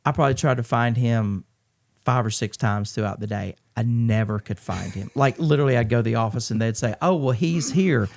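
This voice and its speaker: A middle-aged man from Georgia in the US, telling his story as a podcast guest in an earnest, halting way with many restarts. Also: lowish voice, gravelly. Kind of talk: candid conversational storytelling.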